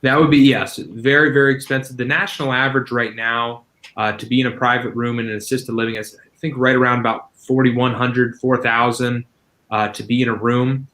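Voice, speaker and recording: A man's voice: medium pitch, steady tone, fairly quick, fairly bright tone, rough recording. A man, a guest expert on senior living, answering interview questions in a casual, explanatory way with frequent "you know" fillers.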